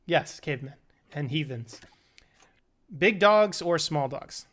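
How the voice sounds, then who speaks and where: A young man with a bright, slightly high voice runs a lightning round of questions. He talks in a playful, laughing way. The talk is a casual chat between friends. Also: animated, slow. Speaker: podcast co-host.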